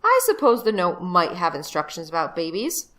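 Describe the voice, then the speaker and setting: A woman's voice: fairly low pitch, huge pitch swings, moderate pace, pushed and bright, full character voice. A woman voicing a bossy, scornful eldest brother who talks in a curt, dismissive way.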